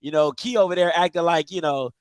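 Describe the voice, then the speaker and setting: A man's voice: fairly high pitch, quick pace, no echo. A man hosting a call-in sports show, talking casually and laughing, with "you know what I'm saying" again and again.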